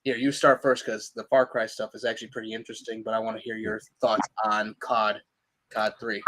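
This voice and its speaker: A man's voice: lowish voice, little pitch movement, a little fast, a bit bright, slight background noise, poor audio. A man co-hosting a live podcast, chatting casually and laughing often. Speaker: podcast co-host. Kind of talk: casual chat.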